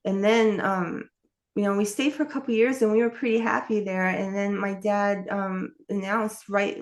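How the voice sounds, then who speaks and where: A woman's voice: medium pitch, creaky. A woman telling her life story in an interview, candid and rambling, with many fillers and restarts. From New York. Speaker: author and interview guest.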